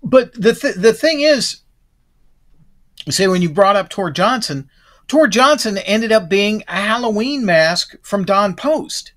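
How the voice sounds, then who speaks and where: A man's voice: high-pitched, lively intonation, takes it slowly, a bit bright. A man chatting as a guest on a podcast. He rambles a little, restarting his sentences and letting them trail off. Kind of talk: casual chat.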